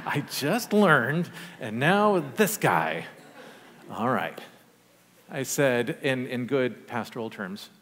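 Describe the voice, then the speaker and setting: A man preaching a sermon, telling a personal story in a conversational, animated way with humorous asides. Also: mid-range voice, slow. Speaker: pastor. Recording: long church reverb.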